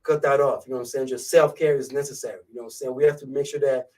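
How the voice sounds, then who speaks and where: A man's voice: medium pitch, fairly even intonation, very fast, mellow, far from the mic, rough recording. A man with a thick French accent hosting a live radio show in a laid-back way. He talks casually and keeps checking in with his listeners. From Côte d'Ivoire. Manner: laid-back, keeps saying "you know what I'm saying". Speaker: radio host.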